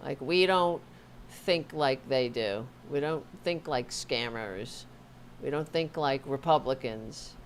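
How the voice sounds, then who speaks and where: A woman's voice: very deep voice, takes it slowly, a little hiss or hum. Sarcastic woman hosting a livestream. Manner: sarcastic, scolding, rambling asides. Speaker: host of a political livestream. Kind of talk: live-streamed political commentary. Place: at home with her dog.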